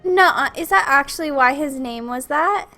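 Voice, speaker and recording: Chatty young woman w a minnesota accent, kinda high voice, rambling and laughing while she plays a game, faint music behind. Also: animated, moderate pace, pushed and bright. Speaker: streamer. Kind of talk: casual chat while playing a video game.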